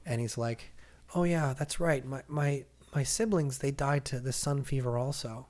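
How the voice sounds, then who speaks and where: A young man co-hosting a casual podcast, retelling a comic story with lots of acted-out lines and sudden shouts. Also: mid-range voice, moderate pace. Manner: animated storyteller, acts out characters' lines. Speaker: podcast co-host. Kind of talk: casual comic-book recap chat.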